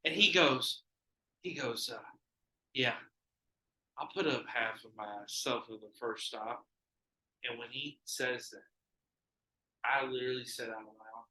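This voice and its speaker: Guy hosting a podcast, cussing and animated, bright voice, echoey room. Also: medium pitch, unhurried, long pauses. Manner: animated, profane storytelling. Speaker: podcast host. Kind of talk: casual podcast chat.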